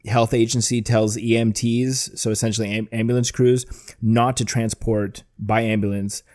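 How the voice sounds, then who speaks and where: A man's voice: on the low side, little pitch movement, normal speed, darkish tone. A man hosting a casual, profane chat, rambling with many restarts and frequent swearing.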